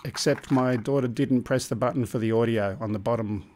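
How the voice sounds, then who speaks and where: A man's voice: medium pitch, brisk, darkish tone. A man hosting a live drone stream, chatting loosely and joking while he runs the controls. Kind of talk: casual live-stream chat.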